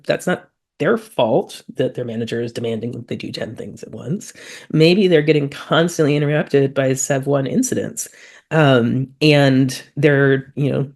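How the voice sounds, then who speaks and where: A woman speaking on a webinar panel, impassioned and quick to get worked up, with frequent "um" fillers. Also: rumbling low, darkish tone.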